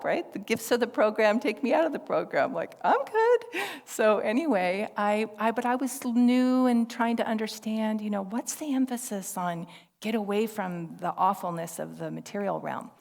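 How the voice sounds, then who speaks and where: A woman minister with a medium-pitched, expressive, creaky voice delivers a sermon at a normal pace in a church service hall. She tells her story conversationally and warmly, laughing and quoting what others said. The long reverb of a large hall fills the recording.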